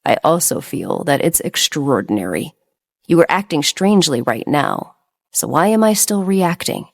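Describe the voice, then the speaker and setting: A woman's voice: deep voice, sing-song, moderate pace, vocal fry, heavily acted. A woman reading the lines of a stern, cold young man in an audiobook. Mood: low and cold. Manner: curt and cold.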